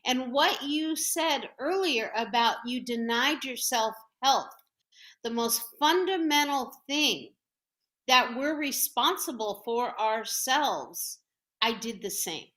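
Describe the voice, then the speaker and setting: A woman hosts a talk show and speaks slowly and deliberately. Her tone is bright and slightly high. She is heartfelt and measured, and she pauses between phrases. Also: lively intonation. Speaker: host.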